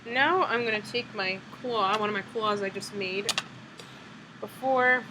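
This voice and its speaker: A woman's voice: mid-range voice, a little slow, noisy background. A woman hosting a craft tutorial, talking casually and steadily through each step while she works with her hands. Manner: chatty, talks while working with her hands. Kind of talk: step-by-step instructional walkthrough.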